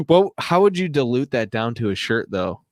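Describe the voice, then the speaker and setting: A man's voice: medium pitch, huge pitch swings, measured pace, no echo. A young man hosting a casual podcast, rambling and laughing a lot as he talks. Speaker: podcast host. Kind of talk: casual chat.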